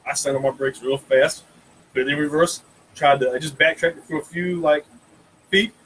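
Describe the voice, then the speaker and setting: A man's voice: a little high, moderate pace, breathy edge, rough recording. Man telling a wild story. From North Carolina. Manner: animated, repeats himself when excited. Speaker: guest co-host. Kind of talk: casual storytelling.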